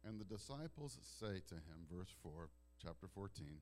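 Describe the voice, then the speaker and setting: A male pastor of Italian heritage delivers a sermon in a chatty, storytelling manner, often restarting sentences as he addresses the congregation. His deep voice swings widely in pitch, dropping to soft, tender hushes and climbing to loud, fervent outbursts at a moderate pace. A slight hiss or hum sits under the audio.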